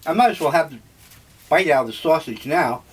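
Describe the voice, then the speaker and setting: An older man talking over breakfast in a slow, musing, rambling monologue. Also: fairly high pitch, animated, breathy edge. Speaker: vlogger.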